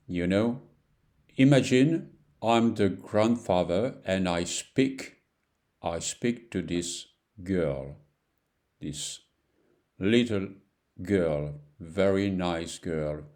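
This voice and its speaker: French-accented male teacher, slow and patient, dark low voice, beginners' lesson. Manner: patient, repeats phrases, broken English.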